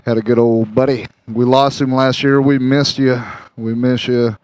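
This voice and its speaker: A motorcycle vlogger's chatty, joking ramble on the road comes in a flat, moderate-paced, mid-range voice that's a little mellow, clear, and resonant. There's no echo, though the low-quality recording picks up engine roar, road noise, and traffic.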